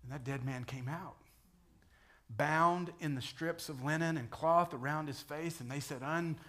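A man's voice: a little high, measured pace. A male pastor preaching a conversational sermon, asking the congregation questions and voicing the scripture he quotes. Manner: conversational preaching, rising to loud dramatic quotes.

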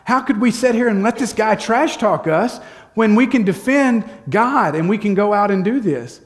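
A man's voice: high voice, lively intonation, measured pace, a little mellow, in a large hall. A man voicing a bold young male hero who speaks with fervent indignation. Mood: indignant.

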